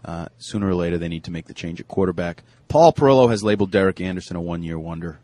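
Deep-voiced man with blunt, teasing verdicts. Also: fast talker, a little mellow, dry recording. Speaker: panelist. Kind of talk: casual sports panel chat.

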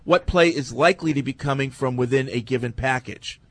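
A man's voice: mid-range voice, fairly quick, fairly bright tone, dry recording. A man hosting a sports talk radio show, reading listener messages and teasing his co-host in a dry way.

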